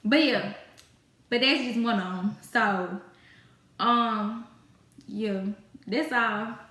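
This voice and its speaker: A woman's voice: fairly high pitch, very slow, bright, forceful tone. A woman telling a casual storytime about work, exasperated and ranting about difficult customers. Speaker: storytime vlogger. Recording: echoey room.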